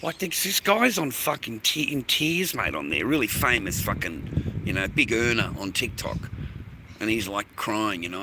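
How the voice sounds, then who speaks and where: A man's voice: medium pitch, sing-song, measured pace, background noise. An Australian man rambling through a live-stream monologue, swearing constantly and sounding aggrieved, outdoors in an industrial area. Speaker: livestreamer.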